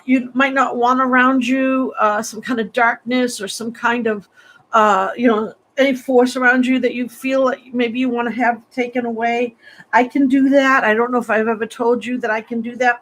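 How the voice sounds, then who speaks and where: A woman hosting a psychic livestream, talking casually and emotionally to her viewers, gushing and close to tears. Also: sits high. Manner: warm, gushing, emotional and tearful. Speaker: psychic reader, livestream host.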